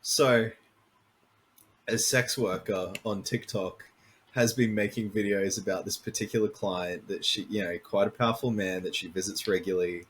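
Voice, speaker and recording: Young guy, co-host, low-pitched, relaxed and teasing, faint background noise. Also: normal speed. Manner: laid-back, teasing, swears casually. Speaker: podcast co-host. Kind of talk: casual chat.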